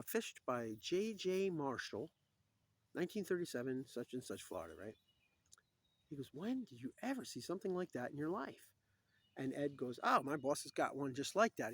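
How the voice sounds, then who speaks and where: A storyteller with a medium-pitched, slightly rough voice casually rambles through old cartoon scenes, with no echo on the audio. He acts out the characters' lines and chuckles at his own jokes.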